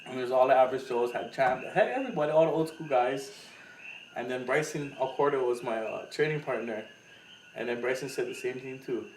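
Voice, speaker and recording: A man's voice: mid-range voice, a little fast. A man from Hawaii, co-hosting a podcast and telling a story in casual chat, acting out what others said. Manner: animated storyteller, acts out quotes with loud laughing voices. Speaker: podcast co-host. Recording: echoey room, mic at a distance, faint noise.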